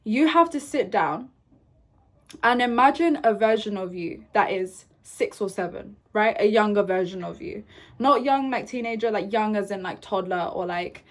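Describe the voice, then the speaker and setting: Young woman, vlog advice, gentle coaching, tag questions, mid-pitched voice. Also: moderate pace. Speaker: self-help vlogger. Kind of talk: casual advice talk to camera.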